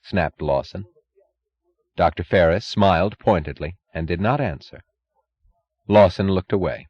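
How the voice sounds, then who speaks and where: A man narrating a novel in a measured, expressive reading. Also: deep voice, breathy edge, muffled recording. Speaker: audiobook narrator.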